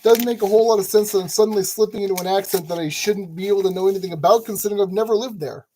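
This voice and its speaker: A man's voice: high voice, racing, warm tone, a little hiss or hum. A man hosting a casual build tutorial, chatty and jokey, talking to himself as he works. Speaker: channel host giving building instructions.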